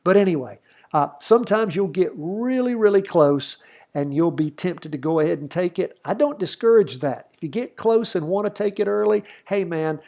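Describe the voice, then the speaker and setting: This middle-aged trading-channel host, slightly Southern in accent, sounds high, expressive, and mellow with some vocal fry at normal speed. His casual chart commentary is folksy and chatty, full of fillers as he thinks out loud.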